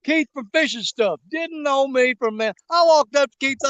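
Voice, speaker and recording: An extremely high-pitched man, speaking at normal speed with few pauses, chats jokingly with his fishing channel viewers outdoors by a river. The tone is a bit bright and the recording dry; he rambles in a folksy way, joking and using frequent fillers in this casual live stream.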